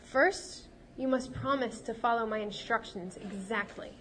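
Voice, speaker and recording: Figure: a woman doing a cunning female healer. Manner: sweet, soothing, falsely sympathetic. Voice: fairly high, with a faint hiss behind. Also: measured pace, a bit bright. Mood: confiding.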